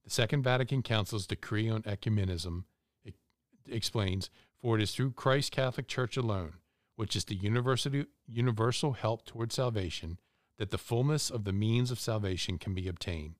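Man reading a formal text, low and dry. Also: normal speed, no room sound. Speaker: podcast reader. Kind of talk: reading a religious text aloud.

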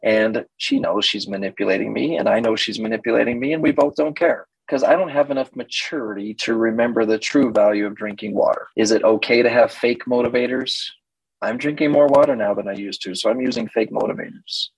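A man's voice: mid-range voice, fairly even intonation, a little fast, creaky, breathy edge, no echo, poor audio. A man in his fifties, a therapist, giving a teaching talk and animatedly acting out quoted exchanges. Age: 50s. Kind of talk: teaching talk with acted-out dialogues.

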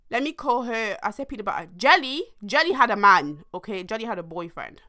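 A young woman, telling a long story to her viewers in a rambling, animated way, full of slang and fillers. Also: medium pitch, a little fast. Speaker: vlogger. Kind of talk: casual storytime monologue.

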